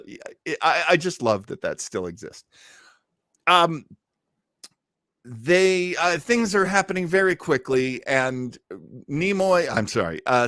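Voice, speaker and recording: A man co-hosting a casual podcast, retelling an old TV episode with lively asides. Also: medium pitch, no room sound, clean studio sound. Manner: animated, retells scenes with acted-out quotes. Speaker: podcast co-host. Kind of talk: casual episode review chat.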